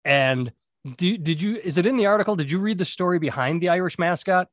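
A man's voice: high voice, brisk, no room sound. A man co-hosting a podcast, rambling and swearing through casual banter. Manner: rambling, profane, laughs often. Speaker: podcast co-host.

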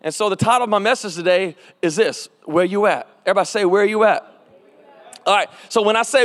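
A pastor with a high voice preaches to his congregation, drifting into a personal story and calling for shouted responses. His voice rings with the long reverb of a large church hall. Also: a little fast, clean tone. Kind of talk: sermon.

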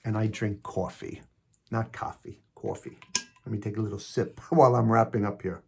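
A man's voice: lowish voice, level tone, fast, a little hiss or hum. A man in his sixties with a Queens New York accent hosts an inspirational podcast, reading affirmations with emphatic stress on key words and chatting casually between readings. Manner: chatty and self-deprecating in asides. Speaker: podcast host.

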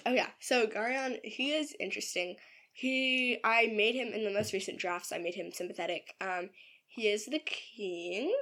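A woman's voice: mid-range voice, normal speed, a bit bright. Chatty giggly young woman. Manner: chatty, giggly, filler-heavy. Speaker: podcast co-host and writer. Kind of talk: casual chat about her novel.

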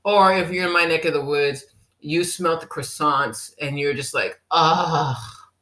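Bright, teasing health vlogger. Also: medium pitch, normal speed. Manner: animated and teasing, acting out the viewer's inner voice. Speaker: health vlogger addressing people with diabetes. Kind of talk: direct-to-camera pep talk. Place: living in a German-speaking country.

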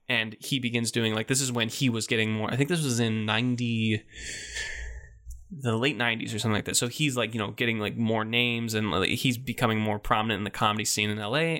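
A man in casual chat, retelling a story in a loose, rambling way, full of "like" and "you know", and breaking into animated voices for the people in it. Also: on the low side.

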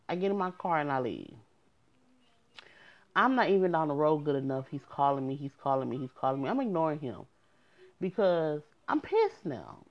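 A woman's voice: lowish voice, muffled recording. A young woman telling her dating story frankly to her viewers, in an exasperated casual manner. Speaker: storyteller vlogger.

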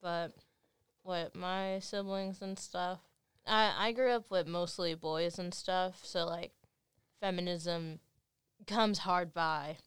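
A woman's voice: fairly low pitch, steady tone, slow, clear, resonant tone, dry recording, studio quality. A young woman hosting a casual chat, speaking hesitantly and laughing often. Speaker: host.

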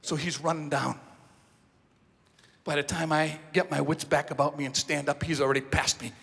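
A male pastor telling a story from the pulpit in an animated, self-mocking manner, with a breathy voice in a large hall. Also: on the high side, normal speed. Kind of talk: sermon storytelling.

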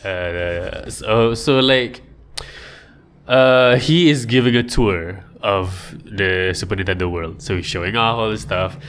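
A man's voice: slow pace, slight background noise. A young man, chatting casually on a podcast and telling stories with lots of laughter. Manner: animated storyteller who acts out quotes in high voices and laughs often. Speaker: podcast co-host. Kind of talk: casual chat.

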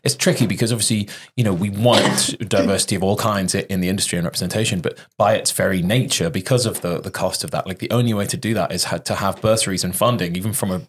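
A man hosting a podcast in a relaxed, reflective way, with a softened British accent. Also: low voice, fast, few pauses, breathy edge. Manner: reflective, laughs along, lively when joking. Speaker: podcast host. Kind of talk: casual podcast chat.

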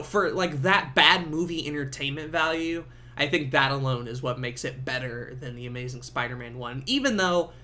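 Bright, animated young man reviewing a movie. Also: medium pitch. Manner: swearing, laughing, animated storytelling. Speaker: podcast host. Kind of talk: casual solo movie review.

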